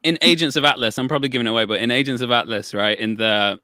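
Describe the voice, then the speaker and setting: A male actor guest telling stories in a casual podcast chat, animated and joking. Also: mid-range voice, racing, dry recording.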